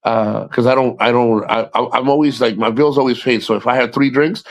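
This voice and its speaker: A man's voice: mid-range voice, fairly even intonation, a little fast. Crude rambling guy from the us chatting on his stream, laughs a lot. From United States. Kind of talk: casual livestream chat.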